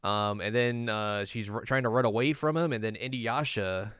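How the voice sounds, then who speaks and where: A man's voice: lowish voice, moderate pace, fairly bright tone, clear, resonant tone, no room sound, studio quality. A man co-hosting a podcast, recapping an anime episode in casual chat and slipping into goofy quoted character voices. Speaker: podcast co-host.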